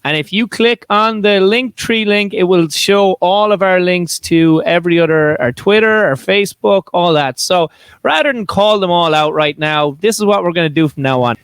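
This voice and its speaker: A man's voice: high voice, moderate pace, a bit bright, clean tone, no echo. A man co-hosting a podcast, telling rambling stories with lots of laughter in casual banter. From small town. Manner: rambling storyteller, laughs often. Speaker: podcast co-host.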